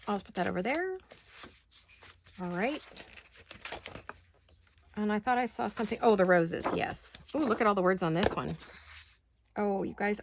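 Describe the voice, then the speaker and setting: A woman's voice: mid-range voice, gravelly, noisy background. An American woman hosting a casual craft chat, thinking aloud and gushing over pretty paper as she cuts it at her desk at home. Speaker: craft channel host.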